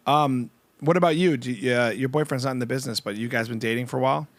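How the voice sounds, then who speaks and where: A man's voice: medium pitch, fast talker, no room sound. A man hosting a podcast and chatting casually with a guest, joking around and trying out impressions. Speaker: podcast host. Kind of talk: casual chat.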